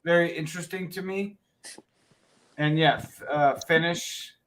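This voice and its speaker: A man in casual group chat on a live stream, telling excitable travel stories with lots of halting restarts. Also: on the high side.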